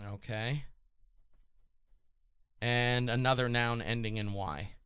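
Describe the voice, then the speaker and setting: A male musician guest in casual comedic banter, laid-back and quick to laugh. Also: medium pitch, steady tone, sharp tone, clean tone, no echo, clean studio sound.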